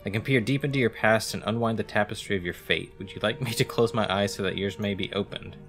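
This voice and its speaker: A man's voice: on the low side, fast, a bit bright, faint music behind. A man reading out the lines of a mystical street fortune teller in a game, solemn and cryptic, in his own voice.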